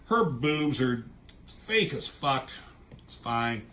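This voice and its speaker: A man's voice: mid-range voice, very animated, slow, a bit bright, a little hiss or hum. A man reviewing a comic book in casual, rambling chat, swearing offhandedly and trailing off into asides.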